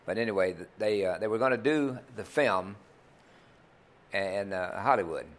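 A man's voice: on the low side, normal speed. An older man, a country singer telling rambling, folksy anecdotes in a TV interview. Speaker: country singer and club owner, interview guest. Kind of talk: storytelling in a TV interview.

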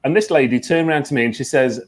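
A man, a psychic medium guest, telling stories earnestly in a relaxed interview, with many fillers. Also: medium pitch, quick pace. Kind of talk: conversational interview.

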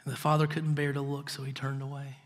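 A man preaching a sermon as pastor, telling a story earnestly and often dropping to soft, intense tones. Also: medium pitch, monotone, quick pace. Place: church.

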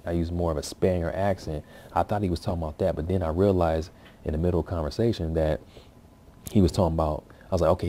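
A man's voice: a bass voice, dark tone. A man giving casual, rambling commentary on his language practice, full of fillers and restarts. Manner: loose, rambling, filler-heavy with many restarts. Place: at home, with his baby nearby.

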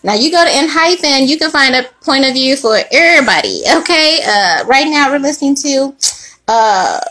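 A woman's voice: high-pitched, lively intonation, normal speed, sharp tone. A young woman reading tarot in a casual, slangy chat, laughing often as she talks to her viewers. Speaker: tarot reader.

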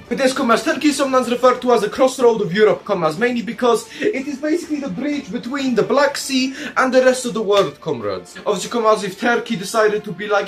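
A man's voice: very high voice, expressive, brisk, few pauses, a bit bright, soft background music. A young man hosting a comedic country review, rambling and jokey, calling his audience comrades. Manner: calls the audience "comrades" constantly; rambling, jokey, playfully crude. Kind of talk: comedic commentary over maps.

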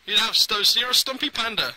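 Woman, home video, teasing and giggly, lively pitch. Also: a little fast, a little hiss or hum. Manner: giggly, teasing, coos at the dogs in baby talk. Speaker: person filming a friend and pet dogs. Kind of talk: casual home video chat.

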